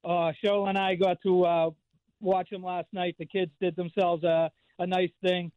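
Flat in delivery yet smooth, a high-pitched male voice talks at normal speed over dry, phone-quality sound. The speaker, a regular radio call-in guest from the Boston area in his fifties, rambles casually through stories with lots of fillers and restarts.

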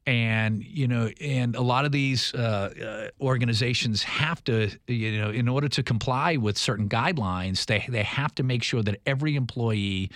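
A man's voice: mid-range voice, normal speed, few pauses, fairly bright tone, no echo. A man in his fifties hosting a talk show, rambling and earnest with many restarts. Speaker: radio show host.

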